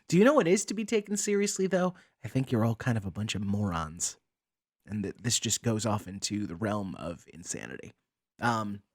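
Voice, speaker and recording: Man, ranting commentary, sarcastic, exasperated, stumbling restarts, mid-pitched voice. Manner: sarcastic, exasperated, repeats words when starting sentences. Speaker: commentary channel host.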